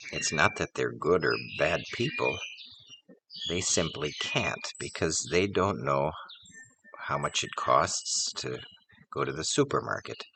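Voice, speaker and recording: Very deep, gravelly man telling stories. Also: pushed and bright, a little hiss or hum. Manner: measured, plainspoken with filler pauses. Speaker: host. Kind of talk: storytelling and reflection.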